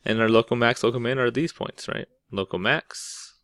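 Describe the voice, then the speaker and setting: A man's voice: mid-range voice, moderate pace, fairly bright tone, no echo, clean studio sound. A man teaching calculus in a casual, conversational way, often checking in with "right?" and restarting words mid-thought. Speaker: math teacher. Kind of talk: explaining calculus over a whiteboard.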